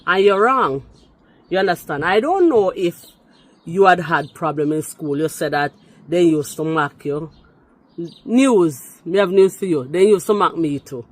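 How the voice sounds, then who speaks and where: A middle-aged speaker from Jamaica with a Jamaican accent, delivering a heated response rant, emphatic and indignant, slipping into patois and jumping up in pitch on every rebuttal. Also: measured pace. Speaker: vlogger responding to another video.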